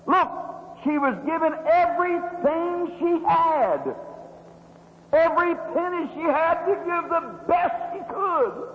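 A high-voiced male preacher delivers a fervent revival sermon with dramatic storytelling, his voice swooping up and dropping low. He is heard in a big echoing hall with a long reverb tail. The recording is dull and lo-fi, with a faint hum underneath. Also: takes it slowly. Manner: dramatic, fervent, sweeping rises and drops.

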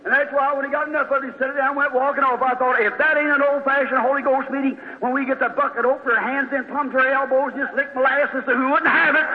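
High-voiced folksy preacher in a hall. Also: male voice, steady tone, brisk. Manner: folksy storytelling, fervent outbursts. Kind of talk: sermon. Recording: dull sound in a large hall.

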